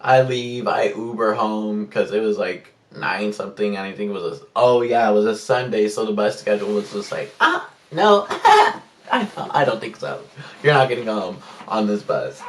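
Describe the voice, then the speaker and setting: A young man vlogging in a casual storytime chat, animated, jumping to squeaky highs and hushed whispers when he acts out his own reactions. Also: normal speed, far from the mic. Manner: animated, swings into loud high squeals and hushed whispers when quoting himself. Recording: roomy echo, a bit off-mic.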